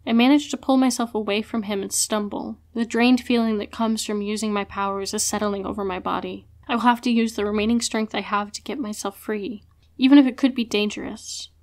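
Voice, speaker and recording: A woman narrating a first-person fantasy audiobook in an expressive way. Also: mid-range voice, fairly quick.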